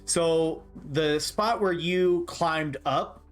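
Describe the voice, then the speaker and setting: A man's voice: on the high side, drawn-out words. A man narrating as game master of a tabletop game, laughing often and rambling loosely.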